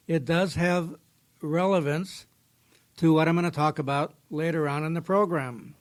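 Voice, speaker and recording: A man hosting a podcast from a studio, talking in a plainspoken, folksy way and telling a fable in casual storytelling form. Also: fairly high pitch. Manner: folksy, plainspoken, tells a fable with small quoted voices. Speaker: podcast host.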